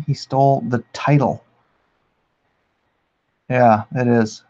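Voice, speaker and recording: Male streamer, slow-talking, gravelly, casual chat with viewers. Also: medium pitch, lo-fi sound. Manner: relaxed, chatty, reads the chat aloud and laughs at it. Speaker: artist hosting a drawing livestream.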